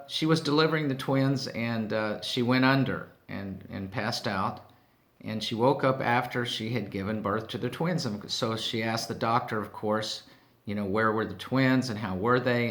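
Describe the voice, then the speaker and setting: A man as host of a comedy segment, telling corny jokes in a deadpan way and letting his voice drop off softly after each punchline. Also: mid-range voice.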